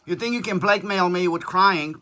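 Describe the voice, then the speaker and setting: A father speaks with his daughter in a relaxed conversation, his voice high-pitched, bright and forceful. He sets her straight without softening anything, swears his way through his anecdotes, and seems completely sure of himself, all at a normal speed.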